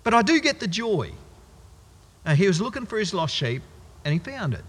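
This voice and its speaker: A wry man preaching in a casual, joking way, his voice husky and swooping high and low. The sound rings on in a long hall echo. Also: big pitch swings, moderate pace, pauses often, a bit bright. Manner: conversational, wry, exaggerated asides. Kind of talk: sermon.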